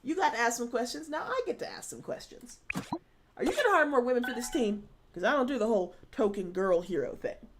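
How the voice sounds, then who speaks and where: A woman's voice: a little high, expressive, a little fast, background noise, pitched above the performer's own voice, lightly acted. A woman reading aloud as a confident, muscular woman superhero from a dating game, blunt and teasing. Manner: brash, teasing, easygoing.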